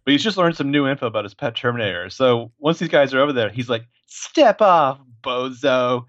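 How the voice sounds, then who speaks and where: A man co-hosting a casual movie podcast, animated and profane, acting out scenes as he talks. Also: mid-range voice, quick pace, dry recording, dull audio. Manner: animated, profane, acts out lines. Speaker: podcast co-host.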